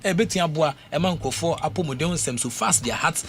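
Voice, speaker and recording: A Ghanaian man talking casually on the radio as host, animated and repetitive, with many fillers. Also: on the high side, fast talker, soft background music. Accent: Ghanaian English. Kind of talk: casual radio talk mixing English and Twi.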